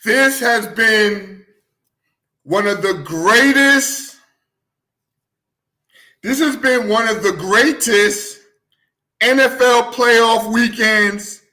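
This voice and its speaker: A high, bright-voiced man hosts a sports talk show, bursting with excitement. He drags his words out very slowly, then erupts into loud whoops. He sounds a bit winded from all the yelling. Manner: hyped and loud, shouting bursts, slow drawn-out phrases. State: out of breath. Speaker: sports podcast host.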